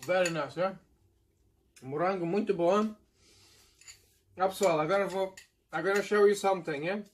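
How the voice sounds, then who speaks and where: A man's voice: high-pitched, a little hiss or hum. A man from Madeira with a Portuguese accent, hosting a casual eating video, switching between Portuguese and English and often checking in with viewers. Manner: drawn-out "mm" sounds while eating. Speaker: mukbang host.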